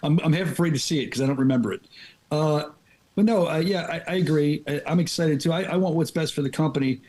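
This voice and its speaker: A man's voice: a little high, quick pace, darkish tone. A man hosting a casual podcast, telling stories in a joking, self-mocking way. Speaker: podcast host.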